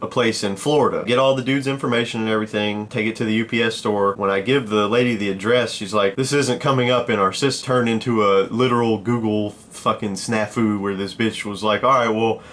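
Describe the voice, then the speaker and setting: A man telling a casual story-time vlog in a profane, animated way. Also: lowish voice, a little fast, few pauses. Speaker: vlogger.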